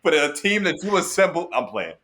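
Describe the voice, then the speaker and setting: A man's voice: on the high side, sing-song, brisk, a bit bright. A man co-hosting a casual sports podcast, upbeat and playful, who also wraps up the episode. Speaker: podcast co-host.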